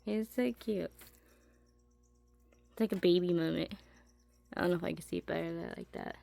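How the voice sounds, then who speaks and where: A woman chatting casually in a home basement as she shows her pet tarantulas. She rambles, trails off mid-sentence and coos softly at her animals. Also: lowish voice, moderate pace, creaky, dry recording. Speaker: pet keeper showing her tarantulas and fish. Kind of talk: casual vlog chat.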